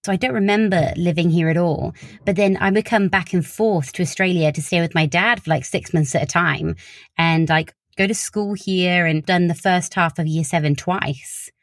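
Being interviewed in a relaxed chat, this young Wiltshire-born social media creator speaks with a southern English accent, often laughing and leaning on "like." Her lowish voice keeps a moderate pace, recorded dry with clean studio sound.

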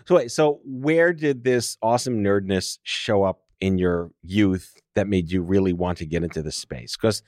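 A man's voice: sits low, moderate pace, few pauses, a little mellow, dry recording, clean studio sound. A man from New York hosting a podcast interview, teasing and joking with his guest. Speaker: podcast host. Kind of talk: casual interview.

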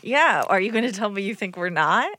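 A woman co-host chatting casually on a podcast, quick to laugh and protest. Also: medium pitch, expressive, sharp tone.

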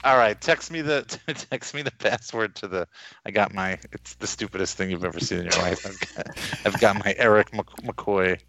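Bright-voiced joking man, faint noise. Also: on the low side, normal speed, rough recording. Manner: joking, laughing, trails off. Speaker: podcast co-host. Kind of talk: casual chat.

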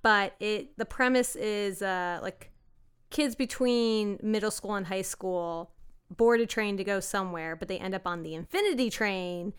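A woman guest on a comedy podcast, telling stories in a fast, rambling way full of details. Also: mid-range voice, smooth. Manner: fast, rambling storyteller who piles on details. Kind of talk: casual comedy podcast chat.

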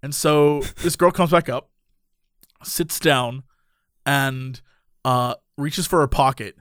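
A young man telling a casual anecdote, animated and laughing often as he talks. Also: medium pitch, takes it slowly, no room sound, studio quality.

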